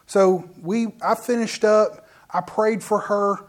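A middle-aged minister gives a sermon testimony in a medium-pitched voice, taking it slowly. The storytelling is animated, often restarting mid-sentence, and the minister speaks straight to the congregation with asides.

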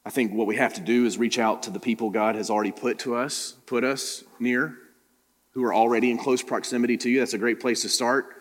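A man's voice: medium pitch, fairly even intonation, a little fast, big-room sound. A man preaching a sermon as pastor, pressing the congregation with direct questions. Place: church room.

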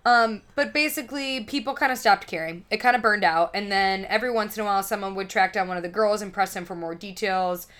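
A woman's voice: medium pitch, fast talker, few pauses, fairly bright tone. A woman co-hosting a podcast, casually retelling a story with lots of swearing, fillers and laughter. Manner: profane, giggly, rambling storyteller. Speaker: podcast co-host.

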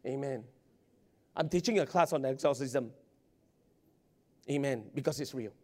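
A male pastor, preaching a sermon in an excitable way, repeating words and laughing often. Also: mid-range voice, a little slow. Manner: excitable, stammering repetitions, frequent laughter.

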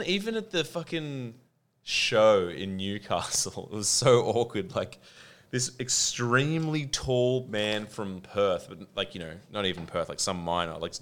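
A man's voice: on the low side, a bit bright. A man in casual chat, telling loose rambling anecdotes and swearing.

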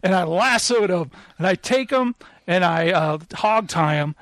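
A man with a high voice chats casually, telling an animated story. The sound is dry and close, with no room echo. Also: a little slow. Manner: animated storytelling, acting out quoted lines. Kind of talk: casual chat.

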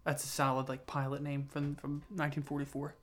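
A man's voice: a little high, completely flat delivery, a little fast, a bit bright. A young man hosting a solo podcast, rambling through loose tangents with lots of fillers and restarts, tired and self-mocking. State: tired, yawning. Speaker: podcast host.

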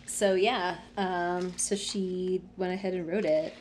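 A woman co-hosting a casual book-club podcast, wry and joking, with quick asides. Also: fairly low pitch, fairly even intonation, a little mellow, slight background noise. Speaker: podcast co-host.

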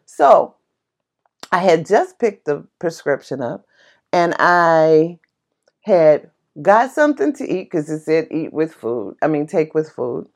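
A woman casually telling a personal story in an excitable, passionate way, laughing as she talks. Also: on the low side, unhurried, creaky. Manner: animated, excitable, laughs while talking; passionate and chatty.

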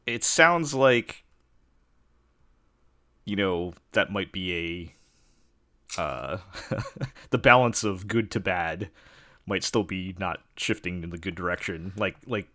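A man co-hosting a podcast, talking casually and thinking aloud in a measured way. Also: sits low, pushed and bright. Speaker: podcast co-host. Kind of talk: casual chat.

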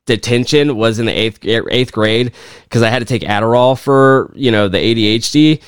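A man's voice: mid-range voice, normal speed, clean tone, dry recording, studio quality. A young man co-hosting a podcast, telling rambling stories in casual chat and swearing often. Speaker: podcast co-host.

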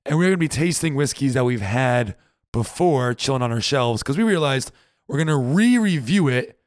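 A man co-hosting a podcast in casual chat, easygoing and quick to agree. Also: mid-range voice, animated, dry recording, clean studio sound. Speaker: podcast co-host.

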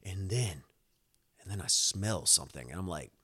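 A man hosting a casual podcast, telling a long story with laughs, swearing and quick acted-out quotes. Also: deep voice, husky. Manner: animated, laughing, swearing, acts out voices in quotes. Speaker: podcast host.

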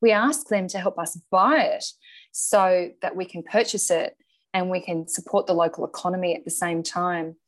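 A middle-aged woman, a guest in a conversational interview, telling her story in an animated way and often laughing. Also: on the low side, moderate pace. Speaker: guest, charity founder.

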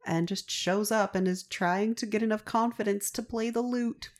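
A woman co-hosting a book podcast, chatting in a relaxed way and moving the talk on to the next character. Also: medium pitch, moderate pace. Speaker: podcast co-host. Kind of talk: casual book chat.

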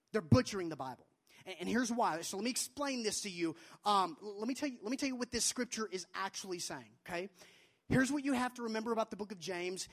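Young male youth pastor, emphatic preaching, repeats lines for weight. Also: fairly bright tone. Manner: emphatic, repeats phrases, acts out quotes in a high childlike voice. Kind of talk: sermon to students.

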